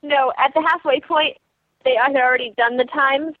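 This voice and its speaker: A teenage girl racing sled dogs, telling her story in an animated way with lots of "like" and quoted thoughts. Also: high-pitched, normal speed, no room sound. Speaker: dog sled racer, interview guest. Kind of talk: storytelling over the phone. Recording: tinny phone line.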